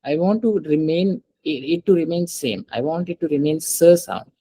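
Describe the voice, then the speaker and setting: A man's voice: fairly high pitch, moderate pace, warm tone, slightly rough, poor audio. A man teaching French in a one-on-one lesson, patiently explaining rules step by step and asking his student to read aloud.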